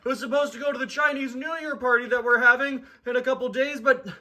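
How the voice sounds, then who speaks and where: A man's voice: very high-pitched, a little slow, pushed and bright, voice pushed up, full character voice. A man voicing a panicked male toy train engine who screams frantically for help. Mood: terrified. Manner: shrieking, frantic.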